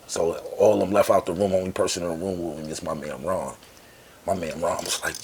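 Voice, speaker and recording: A man's voice: low-pitched, fairly quick, husky. A man in his forties from Harlem with a New York accent, a podcast guest telling stories casually and acting out the people he quotes. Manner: animated, acts out quoted people with raised voice. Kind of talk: casual storytelling.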